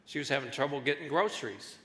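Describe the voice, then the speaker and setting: A man's voice: medium pitch, quick pace. A man preaching a sermon as pastor, telling stories and acting out voices in his jokes. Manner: animated storytelling, acts out voices in jokes. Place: large church hall. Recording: reverberant church hall.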